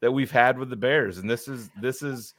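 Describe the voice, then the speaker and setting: A man's voice: medium pitch, normal speed, a bit bright, no echo. A middle-aged man co-hosting a casual sports talk show in a studio, blunt, profane and sarcastic. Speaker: podcast co-host. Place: podcast studio.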